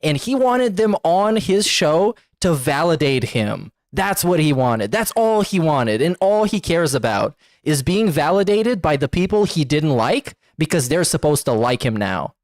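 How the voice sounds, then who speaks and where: A man's voice: fairly high pitch, very animated, unhurried, few pauses, no echo, clean studio sound. A man streaming live, thanking members and mocking a video he is watching with sarcastic running commentary.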